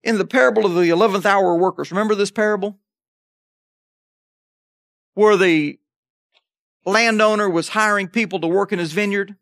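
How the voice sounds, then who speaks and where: A man's voice: sits high, steady tone, moderate pace, pauses often, fairly bright tone, no echo, clean studio sound. A man preaching a sermon in a conversational way, checking in with the congregation as he goes. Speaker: pastor.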